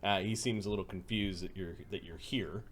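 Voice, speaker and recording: A man's voice: sits low, fairly even intonation, brisk, a little hiss or hum. A man narrating a tabletop game as game master, with many hesitant ums and uhs.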